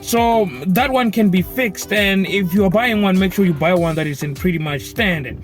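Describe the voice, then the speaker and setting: A man hosting a car channel, talking with excitement and stumbling over his words. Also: high voice, normal speed, faint music behind. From South Africa. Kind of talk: enthusiastic car advice talk.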